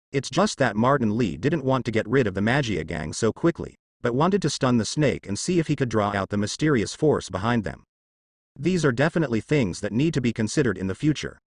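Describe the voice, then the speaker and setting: A man narrating a novel aloud in a lively, rising-and-falling voice. The sound is dry and close, with no room around it. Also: mid-range voice, no room sound. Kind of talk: scripted audiobook narration.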